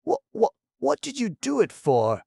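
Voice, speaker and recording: A man's voice: low-pitched, very animated, a little slow, dry recording, studio quality, exaggerated voice. A man voicing a big, hot-tempered young man who blusters and rages in an audiobook. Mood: indignant. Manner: blustering, loud, indignant.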